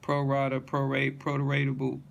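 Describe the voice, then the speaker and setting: A man reading a long dictionary word list aloud, one word after another in a steady monotone, restarting words he stumbles on. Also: mid-range voice, normal speed, creaky, muffled recording, a little hiss or hum.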